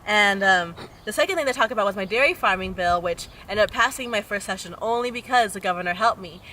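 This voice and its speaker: A woman's voice: mid-range voice, fast, a little hiss or hum, rough recording. A young woman, a state legislator, telling stories in an interview and acting out the voices of the people in them. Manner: animated anecdote-teller, acts out quoted voices. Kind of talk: interview storytelling.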